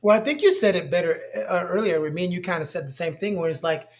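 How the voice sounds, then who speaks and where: A man chatting in a casual discussion, telling stories with animated asides. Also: sits high, fast talker. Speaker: co-host.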